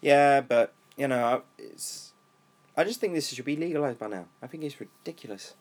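A young British man co-hosting a casual podcast, rambling and swearing freely, his voice worn lower from smoking. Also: lively intonation, moderate pace. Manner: rambling, swears freely, laid-back stoner talk. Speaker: podcast co-host. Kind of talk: casual chat.

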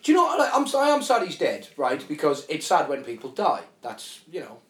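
A man co-hosting a comedy podcast, tired but lively, his pitch bouncing high and low as he jokes and swears. His voice sits a touch high and rings in an echoey room. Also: brisk. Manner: jokey, animated, swears freely, does silly voices. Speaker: podcast co-host. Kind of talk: casual comedic podcast banter.

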